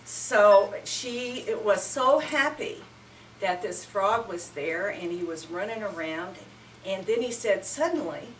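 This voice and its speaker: A woman telling a children's story at a retreat, animated and inviting listeners to join in, heard from afar in a roomy hall. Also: mid-range voice, slow, a little hiss or hum. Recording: roomy hall, mic far off.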